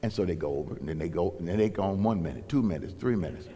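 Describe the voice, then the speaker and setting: A man's voice: low-pitched, lively intonation, racing, dark tone. A man, a pastor, preaching in a folksy storytelling way and acting out dialogue in raised voices. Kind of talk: sermon storytelling. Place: church sanctuary. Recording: long reverb in a large hall.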